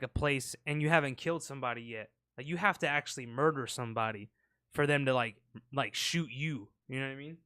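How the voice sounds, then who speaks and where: A man's voice: on the high side, bright, forceful tone, dry recording, clean studio sound. A man co-hosting a podcast, rambling in casual, profane banter and acting out sound effects. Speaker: podcast co-host. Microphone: close podcast mic.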